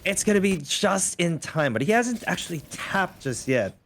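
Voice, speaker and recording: Pinoy guy co-casting esports, slightly high voice, chatty breakdowns. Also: very animated, moderate pace, fairly bright tone. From Philippines. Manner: chatty, analytical, joking. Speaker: esports co-caster. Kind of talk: esports color commentary.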